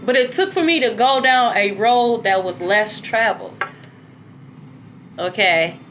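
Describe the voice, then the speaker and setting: A woman talking in a casual, animated monologue as a spiritual content creator, cursing freely and swinging between low and high tones. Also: unhurried, slight background noise.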